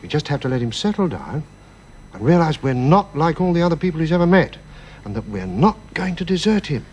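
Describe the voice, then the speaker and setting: A gentle middle-aged father in a radio drama, soothing and hesitant, tripping over his words. His voice sits a little high. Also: sing-song, fairly quick, breathy edge.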